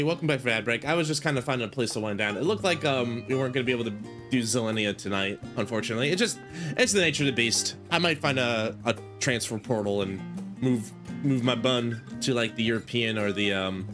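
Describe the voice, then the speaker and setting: A fast-talking man with a mid-range voice chats casually with his viewers over music while streaming a game. He rambles, corrects himself as he goes, and talks directly to chat.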